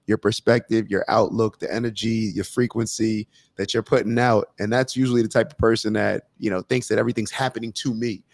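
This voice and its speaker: A man's voice: fairly low pitch, little pitch movement, fairly quick, creaky, hardly any pauses, no room sound. A man hosting a casual conversation, talking in a reflective, motivational way with many fillers. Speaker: podcast host.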